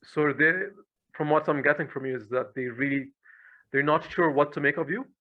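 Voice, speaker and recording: A man's voice: fairly high pitch, fairly even intonation, normal speed, muffled recording. A man hosting a podcast, asking questions in a hesitant way with restarts and short acknowledgements. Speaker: podcast host. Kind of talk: casual interview.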